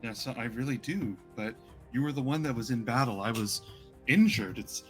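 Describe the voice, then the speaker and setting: A man's voice: mid-range voice, normal speed, soft background music, close to an everyday voice. A man voicing a courtly, affectionate injured husband in a tabletop game, speaking in a gallant way.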